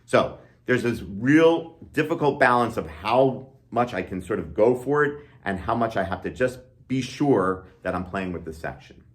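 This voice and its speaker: Deep-voiced man giving friendly violin tips. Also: animated, normal speed, hardly any pauses. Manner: friendly, explanatory, often ends points with "okay?". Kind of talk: casual instructional talk to camera.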